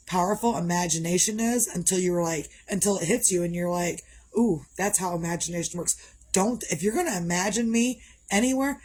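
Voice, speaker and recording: A woman's voice: lowish voice, darkish tone, rough recording. Tired, rambling woman vlogger. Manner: rambling, repetitive and candid. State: tired and a bit out of breath. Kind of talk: casual motivational vlog.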